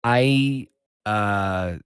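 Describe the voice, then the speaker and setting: A man's voice: on the low side, very slow, clear, resonant tone, dry recording. Man co-hosting a podcast, casual and hesitant. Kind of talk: casual chat.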